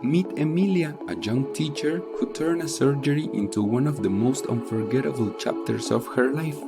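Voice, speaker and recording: A man's voice: mid-range voice, normal speed, over loud music. A man hosting a podcast, reading a scripted intro and welcoming his guest politely. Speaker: podcast host.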